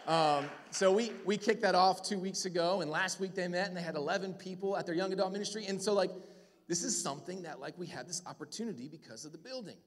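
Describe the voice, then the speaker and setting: A pastor making energetic church announcements to the congregation, enthusiastic and full of fillers. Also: male voice, high-pitched, fast, a little hiss or hum. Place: church sanctuary. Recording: church hall reverb.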